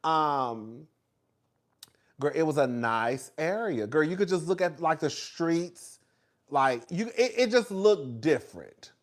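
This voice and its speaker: A man's voice: on the high side, lively intonation, slow. A man hosting a casual chat with viewers in a gossipy, chatty way, calling everyone "girl" and laughing often. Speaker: host.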